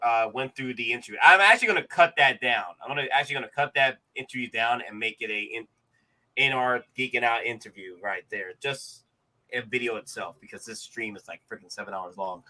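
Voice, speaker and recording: A man hosting a casual livestream chat, who gets loud and repeats himself when he is excited. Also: medium pitch, brisk. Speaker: host.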